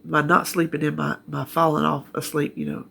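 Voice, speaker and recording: This middle-aged North Carolina woman, Southern accent and all, chats casually from her chair at home for a health update vlog. She talks a little fast in a low, flat, sharp-toned voice with vocal fry, rambling homespun-style and laughing readily, over a faint hiss or hum.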